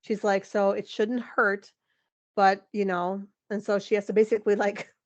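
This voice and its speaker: A woman in her forties, a podcast guest, telling a personal story in an animated, emotional way, with lots of "like" and some laughter. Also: mid-range voice, normal speed. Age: 40s. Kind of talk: candid interview storytelling.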